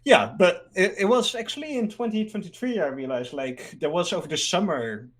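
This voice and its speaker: A man's voice: high voice, moderate pace. A man from the Netherlands, a guest in a casual interview, rambling and filling his talk with "like.". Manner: rambling, fills speech with "like", laughs easily.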